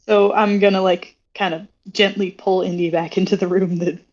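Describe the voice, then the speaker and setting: A woman's voice: on the low side, little pitch movement, normal speed, a little mellow. Casual woman player, muffled audio. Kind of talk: casual tabletop narration.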